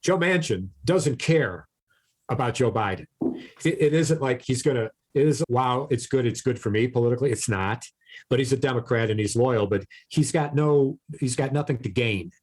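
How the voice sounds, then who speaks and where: A man's voice: mid-range voice, expressive, moderate pace. A man co-hosting a casual podcast, ranting animatedly about politics, swearing freely and often repeating his words. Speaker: podcast co-host.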